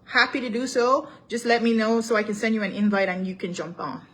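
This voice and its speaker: A woman's voice: on the high side, level tone, a little fast, fairly bright tone. A young woman with a Cameroonian accent hosting a casual live-stream talk show. She greets commenters by name and moves easily between English and French, laughing often.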